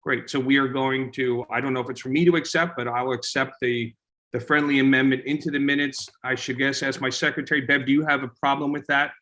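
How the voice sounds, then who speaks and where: A man chairing a community board meeting, talking informally with many halting restarts. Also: medium pitch, fairly even intonation, bright, forceful tone.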